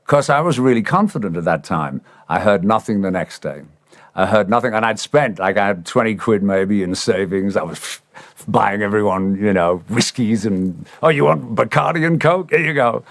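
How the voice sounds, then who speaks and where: A man's voice: lowish voice, normal speed, no room sound, clean studio sound. An English man in his sixties, telling an anecdote casually and acting out the voices of people he quotes. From England. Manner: animated, acts out quoted voices. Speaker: interviewee. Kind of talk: casual storytelling.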